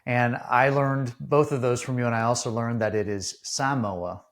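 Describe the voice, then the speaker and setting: A man hosting his first podcast episode, speaking earnestly and haltingly, with many restarts. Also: medium pitch, steady tone. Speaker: podcast host. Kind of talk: casual interview talk.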